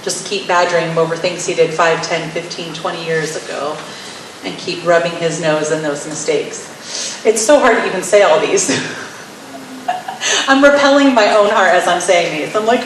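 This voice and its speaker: A woman with a lowish voice, speaking at a normal pace, teaches wives about marriage in a wry, playfully sarcastic way, often acting out little scenes. The recording comes from a very echoey room with a distant mic and a faint hiss.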